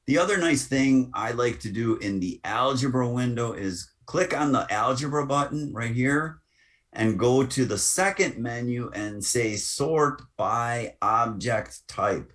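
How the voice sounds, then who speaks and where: A man giving a screen-recorded software lesson as the instructor, talking through each click with casual asides. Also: medium pitch.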